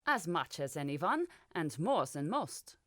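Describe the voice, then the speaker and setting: A brusque middle-aged professor, voiced by a woman reading an audiobook speaks in short, dismissive lines. The voice sits low and sounds dry and close. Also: very animated, slow, fairly bright tone, no room sound, heavily acted. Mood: curt. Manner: curt and dismissive. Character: gruff, curt bald male professor.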